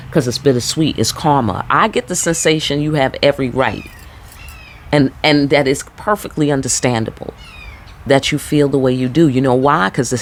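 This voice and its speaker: A woman's voice: rumbling low, slight background noise. A woman with a New York accent reading tarot and talking casually to viewers, laid back, blunt and profane. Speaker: tarot reader. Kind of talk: casual spiritual talk to viewers.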